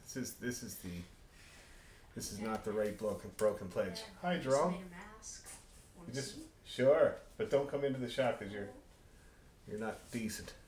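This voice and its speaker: Speaking a little slowly and pausing often, a man with a fairly low, slightly mellow voice leads an online music rehearsal as orchestra leader. He's a friendly, joking storyteller who rambles in casual chat, recorded in an echoey room.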